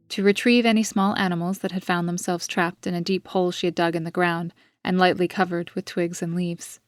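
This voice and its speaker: A woman author reading her own gothic story in an even, measured narration. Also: lowish voice, no room sound. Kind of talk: scripted audiobook narration.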